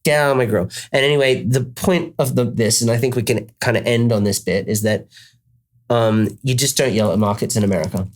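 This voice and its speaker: A man's voice: medium pitch, brisk. A man with an Australian accent telling a rambling comic story in a casual chat, full of restarts.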